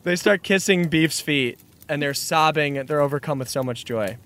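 A man's voice: a little high, normal speed, a bit bright. A man narrating scenes as game master of a tabletop game, in a descriptive, scene-setting manner.

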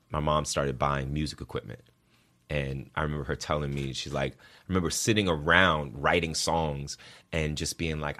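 A man's voice: rumbling low, fairly bright tone. A man in his thirties, a guest in an interview, talking earnestly and repeating words for emphasis. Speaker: guest, actor and singer. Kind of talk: interview conversation.

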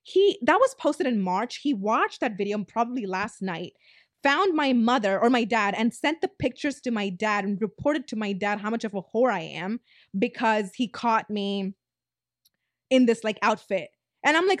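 A woman's voice: a little high, expressive, moderate pace, dry recording, studio quality. A woman in her twenties hosting a podcast, telling a story in a blunt, casual way, swearing freely and saying "like" a lot. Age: 20s. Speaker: podcast host.

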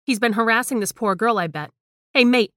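Woman doing loud drunk brash young woman. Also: mid-range voice, big pitch swings, fairly quick, no echo, clean studio sound. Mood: boisterous.

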